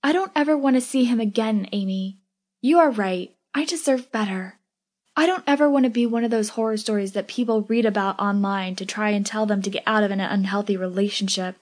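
A woman voicing a hurt young woman who speaks in a high, strained, emotional way. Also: fairly quick, darkish tone, natural voice. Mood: distraught. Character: shaken young woman, a hurt and tearful friend.

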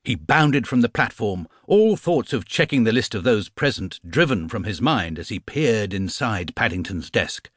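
A man reading a children's storybook aloud as an expressive audiobook narrator. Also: on the low side, moderate pace, hardly any pauses, no echo, studio quality.

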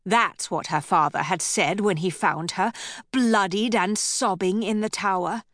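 A woman narrating an audiobook in a measured, dramatic way, recorded on a studio microphone. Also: mid-range voice, a bit bright, no echo.

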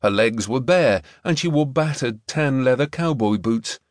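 A man narrates a novel with a mid-range voice, keeping the reading measured and expressive. The audiobook has studio quality with no room sound.

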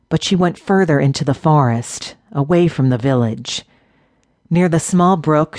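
Female audiobook narrator, steady measured fantasy read, dry close sound. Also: very deep voice, dry recording.

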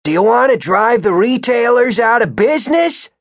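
A man voicing an indignant, suspicious old male shopkeeper in an audiobook, with a husky, rattling voice and slow, pointed questions. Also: fairly high pitch, animated, dry recording, clean studio sound, pitched above the performer's own voice. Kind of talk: audiobook character voice.

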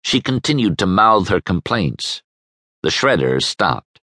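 Deep, expressive male audiobook narrator. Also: measured pace, no echo. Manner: wry, expressive storytelling. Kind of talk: scripted narration. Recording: dry studio sound.

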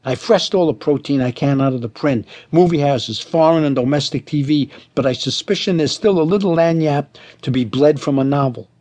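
A man reading a humorous audiobook and voicing a pushy movie producer who talks in brash, fast sales pitches full of Yiddish slang. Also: darkish tone, natural voice.

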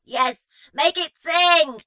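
A woman voicing a tiny, whiny male slave demon who speaks in broken, wheedling phrases with a high-pitched whine. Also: very slow, pushed and bright, heavily acted. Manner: ingratiating, broken wheedling speech.

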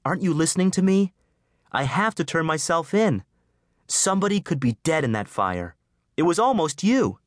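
Guy doing a breathless anxious teen boy, pitched up, swings around a lot. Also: sing-song, normal speed, dry recording, studio quality. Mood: panicked, guilty. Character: guilt-ridden, worn-out teenage boy.

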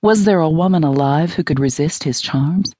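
Low-voiced woman narrating romance. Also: moderate pace, mellow, dry recording, clean studio sound. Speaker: audiobook narrator.

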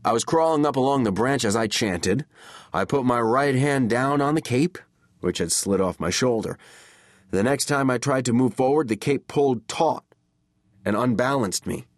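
A man reading a first-person horror story as an audiobook narrator, measured and dramatic. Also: medium pitch, dry recording, clean studio sound.

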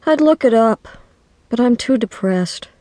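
A woman voicing a glum teenage girl best friend who speaks listlessly and deadpan. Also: fairly high pitch, a little slow, no room sound, voice pushed up. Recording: dry studio audiobook.

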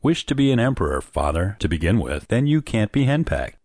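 A man's voice: lowish voice, very animated, a little fast, gravelly, a little mellow, breathy edge, no echo, studio quality, full character voice. A man reading an audiobook, voicing a playful, mocking young man who teases his parents. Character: cheeky, joking young man, the son.

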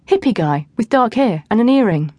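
A woman's voice: a little high, very animated, moderate pace, a little mellow, no room sound, pitched above the performer's own voice. A woman narrator voicing a friendly teenage boy, the team captain, in an easy, reassuring way. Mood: earnest.

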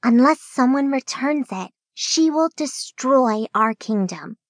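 A woman's voice: high-pitched, lively intonation, slow pace, no echo, clean studio sound, heavily acted. A woman voicing a small fairy mother who speaks with a firm, confident voice.

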